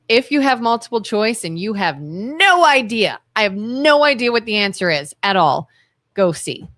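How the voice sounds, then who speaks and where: A woman's voice: medium pitch, a bit bright, no echo, clean studio sound. A woman co-hosting a radio talk show, chatty and telling stories, with an Ohio accent. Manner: chatty, storytelling. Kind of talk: casual conversational talk. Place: radio studio.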